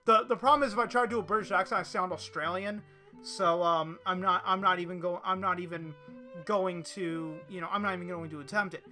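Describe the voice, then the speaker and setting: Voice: mid-range voice, steady tone, fairly quick, sharp tone, faint music behind. A podcast host delivering an opinion monologue and reading articles aloud, often restarting and repeating words.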